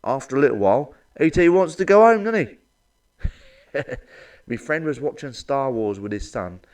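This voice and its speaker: A middle-aged man telling crude stand-up one-liners. His delivery is blunt and deadpan, at an ordinary pitch, with a lot of swearing between the punchlines. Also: moderate pace, far from the mic. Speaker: stand-up comedian.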